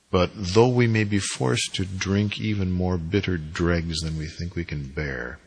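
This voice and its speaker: A man with a husky voice giving an emphatic, deliberately inflected spiritual lecture on priesthood. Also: sits low, a bit bright, rough recording. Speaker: spiritual teacher.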